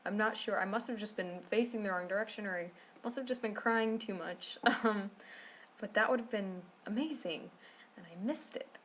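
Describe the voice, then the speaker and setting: A woman's voice: medium pitch, moderate pace, fairly bright tone, slight background noise. A woman telling a rambling travel story to camera, full of fillers and restarts. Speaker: vlogger.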